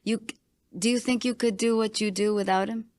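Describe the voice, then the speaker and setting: A woman's voice: on the high side, steady tone, fairly quick, darkish tone. A middle-aged woman coach hosting an interview, reflective and affirming, asking probing questions. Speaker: coach and podcast host. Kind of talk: conversational interview.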